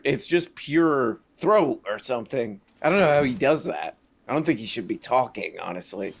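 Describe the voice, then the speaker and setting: A man's voice: medium pitch, expressive, moderate pace, gravelly, slightly rough. A man doing casual live-stream commentary over clips, sarcastic and rambling, with a mocking tone.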